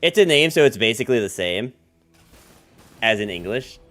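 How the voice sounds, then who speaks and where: Male streamer, bouncy lively pitch, rambling casual chat, lots of filler words, joking asides, faint music underneath. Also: normal speed. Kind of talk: casual livestream chat while playing a card game.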